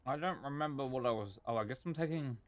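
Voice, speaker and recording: A man's voice: medium pitch, quick pace, a little hiss or hum. A man streaming a game, chatting casually and rambling to himself while sucking on a sweet. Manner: relaxed, rambling, self-chatting. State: talking with a sweet in his mouth. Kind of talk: casual live-stream chat.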